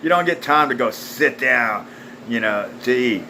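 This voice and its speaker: A man's voice: mid-range voice, expressive, measured pace, creaky, bright, forceful tone, slight background noise, low-quality recording. Foul-mouthed man ranting scornfully. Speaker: video ranter. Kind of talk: angry profane rant.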